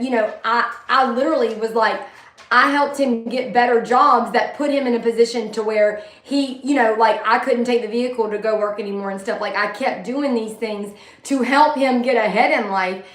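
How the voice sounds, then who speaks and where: A woman's voice: on the high side, a bit bright, reverberant. A woman in her thirties, telling her own story to viewers in a candid, blunt way, swearing freely and using many fillers. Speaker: vlogger sharing her story. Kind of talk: casual personal storytelling, talking to viewers.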